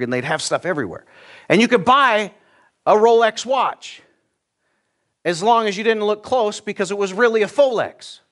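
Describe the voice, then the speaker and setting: Earnest male pastor preaching. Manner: earnest, direct, repeats words when starting a thought; swings between loud emphatic peaks and quiet low asides. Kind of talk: sermon. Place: church.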